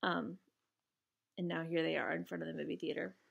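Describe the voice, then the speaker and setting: A woman reading a novel aloud in steady first-person narration, with casual asides to her listeners. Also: deep voice, very fast, gravelly, breathy edge, lo-fi sound. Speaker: reader.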